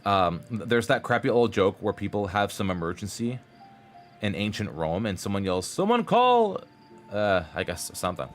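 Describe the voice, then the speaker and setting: Casting a low-voiced male game streamer, chatty and pun-loving, loose live commentary. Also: fairly quick, faint music behind. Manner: chatty, rambling, fond of puns.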